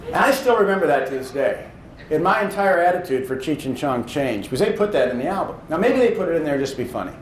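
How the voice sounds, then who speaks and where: Speaking fast, with big pitch swings in a voice on the high side, this Indiana man in his thirties, a public speaking champion, gives a motivational talk in a hall with an audience. He tells stories and builds to emphatic points, and the audio carries hall echo and faint noise.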